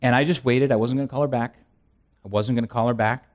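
A man's voice: mid-range voice, steady tone, fast talker. A male pastor preaching a conversational sermon, asking rhetorical questions and repeating phrases, with self-deprecating asides. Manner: self-deprecating humor, frequent restarts.

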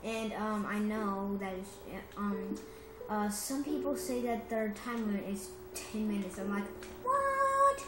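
A woman giving rambling, casual commentary on her gameplay, chatty and excitable and often correcting herself, recorded on a phone. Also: medium pitch, measured pace, noisy background. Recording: roomy echo with music behind.

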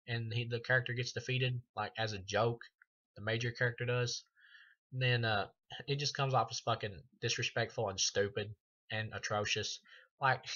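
A man with a bright, forceful voice rants through a movie review, cursing freely and laughing at what he describes. The sound is dull and lo-fi, like a home recording. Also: mid-range voice. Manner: ranting, profane, laughing often. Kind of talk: profane movie review rant.

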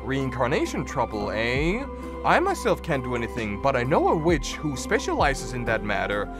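A man voicing an old, guarded male wizard who talks slowly in a hushed, secretive way. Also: mid-range voice, wildly swooping pitch, over music.

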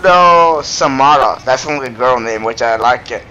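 A man's voice: medium pitch, moderate pace, pushed and bright. A man giving casual gameplay commentary, giggling and playing up mock anger with lots of rambling filler sounds. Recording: dull lo-fi mic with faint noise.

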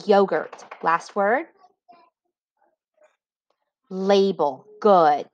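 A woman reading teacher gives a recorded spelling lesson for children, dictating words slowly and clearly along with example sentences. Her voice is medium-pitched and the highs are cut off.

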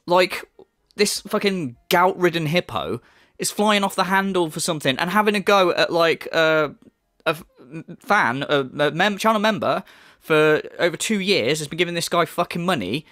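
A commentary channel host with a fairly high, pushed, bright voice reacts sarcastically, swearing often, laughing, mimicking voices, and mocking what he's watching. The studio sound is clean, with no echo.

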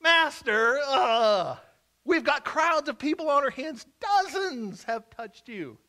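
An exasperated, blue-collar Peter, blunt and impatient, with a high, forceful voice, as a preacher acts him out. He talks in slangy, plain words. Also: animated, takes it slowly, full character voice.

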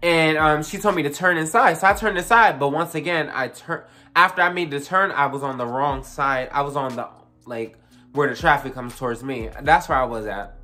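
A young adult vlogger recounting a story in a casual, animated way. The voice sits at a middle pitch and the talk is loose and profane, with plenty of fillers and asides to the viewers. Faint music runs underneath. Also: normal speed.

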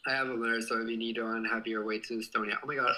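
A man's voice: fairly low pitch, flat delivery, fast talker, sharp tone, poor audio. A young man hosting a casual livestream, reading out viewer comments in a bubbly, giggly way and swearing playfully. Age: young adult. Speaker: livestream host.

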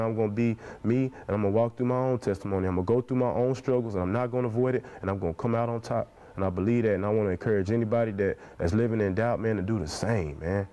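A man's voice: fairly low pitch, dark tone. A man in his twenties speaking in an interview with passionate, preacher-like conviction, dropping "man" into nearly every phrase. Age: 20s. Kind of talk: earnest interview talk.

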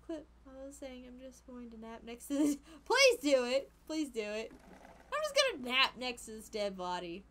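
A young woman streamer chatting casually while she plays a game, animated and giggly, squealing at surprises and murmuring quiet asides. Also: high-pitched, moderate pace. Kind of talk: casual gameplay commentary.

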